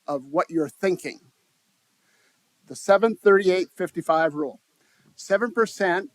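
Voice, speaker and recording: A man's voice: a little high, darkish tone, no echo. A man giving a live talk at a conference, speaking conversationally, restarting phrases and putting questions to the audience. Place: conference room.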